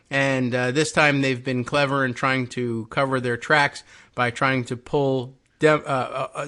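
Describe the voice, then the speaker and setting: A man hosting a talk show, musing in a wry, sarcastic way with frequent pauses and fillers. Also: mid-range voice, bright, forceful tone. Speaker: podcast host. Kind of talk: casual political talk.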